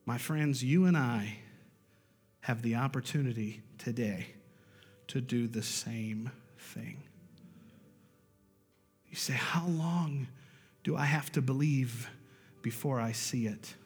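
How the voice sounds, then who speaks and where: A male pastor preaching a storytelling sermon, swinging from loud bursts to hushed, low lines. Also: slow, long pauses, slightly rough, big-room sound, soft background music.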